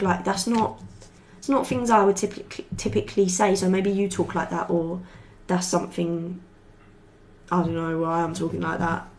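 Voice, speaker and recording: A young woman gives a loose, unscripted tarot reading. Her voice sits a little low. She rambles warmly, swears without a second thought and fills gaps with "like". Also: fairly even intonation, normal speed. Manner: chatty, rambling, swears freely, peppered with "like". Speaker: tarot reader. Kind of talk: casual tarot reading to camera.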